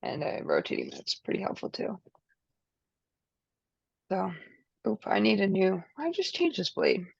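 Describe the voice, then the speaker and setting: A woman's voice: medium pitch, huge pitch swings, measured pace, vocal fry, long pauses, husky, no room sound. A woman teaching quilting in a live online session, talking casually while she demonstrates at her table. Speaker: quilting instructor. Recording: dull lo-fi sound.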